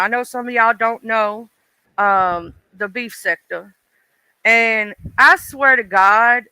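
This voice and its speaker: A man hosting a livestream, chatting and gossiping in a dishy, animated way. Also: sits high, clear, resonant tone, no echo, rough recording. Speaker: livestream host. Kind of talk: casual livestream gossip chat.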